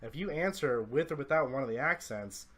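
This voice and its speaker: A man co-hosts a casual podcast in a voice of middling pitch. He is relaxed, blunt, and quick to agree with his partner. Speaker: podcast co-host.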